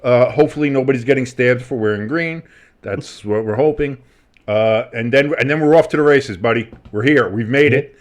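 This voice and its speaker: A man co-hosting a casual sports podcast, rambling and excitable, swearing freely. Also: mid-range voice, moderate pace. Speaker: podcast co-host.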